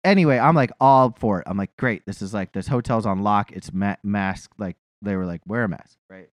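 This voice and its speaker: A man's voice: on the low side, fairly quick, dry recording. A man telling a profane, self-mocking story in a casual podcast chat.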